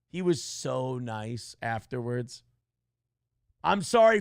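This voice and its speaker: A man's voice: on the high side, creaky, no room sound, clean studio sound. A man hosting a livestream, telling a story in a brash, profane, mocking way and acting out other people's lines. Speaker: livestream host. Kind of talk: casual monologue.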